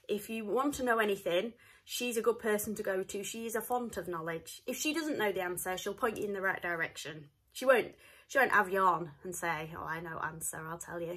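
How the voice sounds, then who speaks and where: A woman's voice: medium pitch, a bit bright, husky. A woman with a Northern English accent chatting casually to camera at home, cheerful and rambling with lots of asides. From north of England. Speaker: vlogger.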